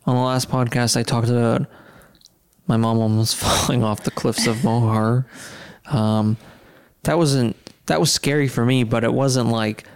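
A man's voice: mid-range voice, a little slow, smooth. A man hosting a podcast, telling a story in a casual chat and laughing as he goes. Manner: animated storyteller, laughs mid-sentence. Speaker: podcast host.

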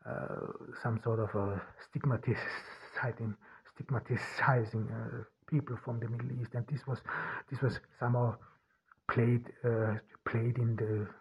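A man hosting a podcast, talking in a halting way with many restarts and fillers. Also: mid-range voice, fairly even intonation, husky. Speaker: podcast host. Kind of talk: casual monologue. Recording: dull lo-fi audio.

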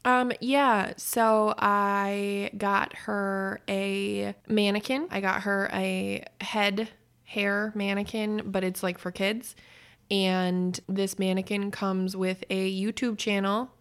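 A woman's voice: mid-range voice, little pitch movement, slow, fairly bright tone, smooth. Chatty woman podcast host. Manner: playful, chatty. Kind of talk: casual chat.

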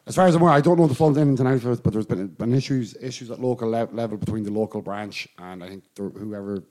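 A man's voice: on the low side, quick pace, a little mellow. An Irish man co-hosting a casual sports podcast, telling rambling anecdotes and laughing often. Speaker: podcast co-host.

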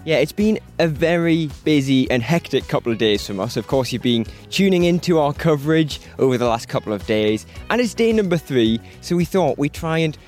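A man's voice: a little high, lively intonation, brisk, few pauses, a little mellow, soft background music. A man co-hosting a podcast, chatting casually and teasing his co-host while walking outdoors by a river. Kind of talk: casual chat.

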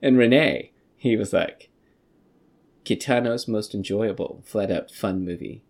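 A man's voice: fairly low pitch, slow pace, a little mellow. A man hosting a podcast, ranting profanely in casual movie review chat. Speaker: podcast host.

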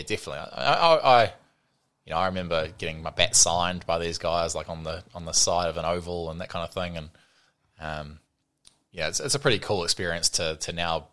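A man's voice: low voice, pushed and bright. A man in his thirties with a New Zealand accent, a cricketer chatting as an interview guest, rambling with lots of fillers. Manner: rambling, heavy on fillers like "you know" and "sort of", mimics people in anecdotes. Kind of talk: casual interview chat.

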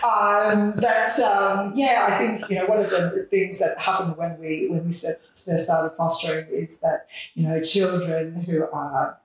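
A woman's voice: fairly low pitch, level tone, measured pace, slight background noise. A woman with an Australian accent, a guest chatting enthusiastically in an interview, often restarting her sentences. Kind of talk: casual interview chat. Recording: echoey room.

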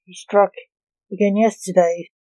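A woman's voice: medium pitch, flat delivery, measured pace, mellow, no echo, natural voice, rough recording. A woman reading the lines of a grumbling, snappish middle-aged male superhero who is a father, in an author's audiobook reading. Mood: grim.

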